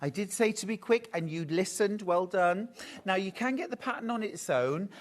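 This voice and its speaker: A man's voice: sits high, expressive, normal speed. A man hosting a live craft shopping show in a TV studio, chatty and upbeat. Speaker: shopping channel host.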